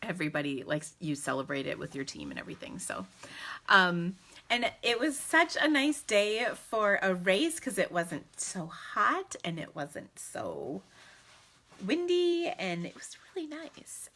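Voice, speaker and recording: Bright, bubbly woman streaming live. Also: on the low side, sing-song, measured pace. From United States. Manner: bubbly and chatty, laughing often. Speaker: crafting live-stream host. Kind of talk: casual live-stream chat. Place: at home indoors. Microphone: phone camera in selfie mode.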